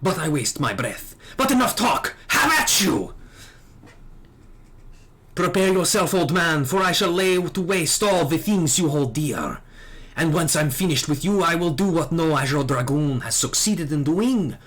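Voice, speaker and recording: A man's voice: on the high side, expressive, measured pace, fairly bright tone, voice pushed up. Man doing a wrathful dragoon with French accent. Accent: put-on French. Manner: accusing, declamatory. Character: proud, wrathful young male dragoon. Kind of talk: reading game dialogue aloud.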